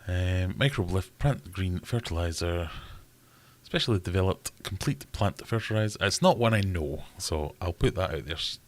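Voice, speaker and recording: A man's voice: deep voice, lively intonation, moderate pace. A man with a Scottish accent hosting a casual live Q&A, chatting and reading out viewer comments. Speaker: livestream host.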